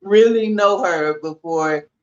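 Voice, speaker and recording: Guest man, slow paced, relaxed, pauses and um's. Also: sits high, highs cut off. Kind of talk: casual storytelling.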